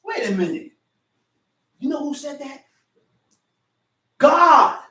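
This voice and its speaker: A man's voice: very high-pitched, big pitch swings, normal speed, darkish tone. A male preacher giving an emphatic, repetitive sermon, reading scripture and restating it in slang. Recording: echoey room, far from the mic.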